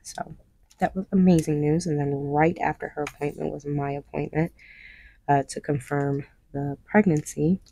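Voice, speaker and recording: A young craft vlogger chats casually to her viewers while painting, her low voice carrying a gravelly edge and a dark, mellow tone. She rambles with fillers and small laughs, at a normal speed with fairly even intonation, recorded close and dry in a small room.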